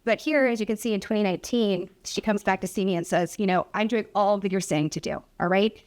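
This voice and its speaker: A woman's voice: mid-range voice, fairly quick, a little mellow. A woman physician who specializes in obesity, presenting at a public hearing and telling a patient story with acted-out dialogue. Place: hearing room.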